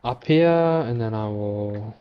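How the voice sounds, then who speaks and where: A man giving gameplay commentary, reacting loudly and talking to the creatures he meets on screen. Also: fairly low pitch, lively intonation, slow pace, muffled recording, slight background noise. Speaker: gameplay streamer.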